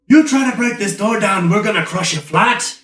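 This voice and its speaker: A gruff, threatening guard barking warnings through a door, as a game master puts him on. The voice is raised and hostile. It comes from across an echoey room. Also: male voice, sits high, animated, moderate pace, fairly bright tone, voice pushed up. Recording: roomy echo, from far off.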